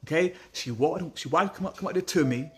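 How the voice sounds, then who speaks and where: A man telling a story to his viewers in a blunt, animated way, calling them family. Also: on the high side, fast talker, background noise. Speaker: small business owner vlogging.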